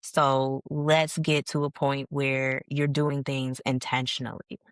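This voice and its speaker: A woman's voice: very deep voice, level tone, takes it slowly, no echo, clean studio sound. A woman guest on a podcast, telling her story in a frank, casual way with slang and some swearing. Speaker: podcast guest, founder of a leadership organization. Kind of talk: candid conversational storytelling.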